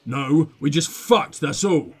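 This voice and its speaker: A man voicing a gruff, blunt, possessive tough guy in a detective game. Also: fairly high pitch, expressive, fast, pitched below the performer's own voice.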